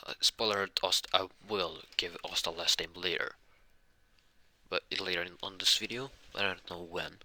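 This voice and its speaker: Low-voiced guy rambling out a fan story, bright sharp tone, lots of restarts. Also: fairly even intonation, normal speed, dry recording. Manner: rambling, many restarts and fillers. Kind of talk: improvised fan-fiction retelling.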